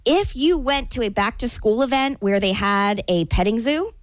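A woman co-hosting a casual talk show, telling stories with lively voiced asides. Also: fairly high pitch, normal speed, dry recording. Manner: animated storytelling, lively quoted asides. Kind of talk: casual chat.

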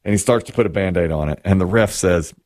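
A man's voice: low voice, fast. A man casually telling a funny anecdote, acting out what people said and laughing along. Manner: animated anecdote teller, acts out quoted lines, laughs often. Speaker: co-host telling a story. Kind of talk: casual storytelling chat.

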